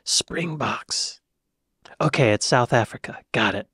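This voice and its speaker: A man's voice: medium pitch, unhurried, no echo, clean studio sound. A young American man hosting a reaction video, talking casually and exclaiming often as he watches. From United States. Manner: excitable, exclaiming, laughs easily.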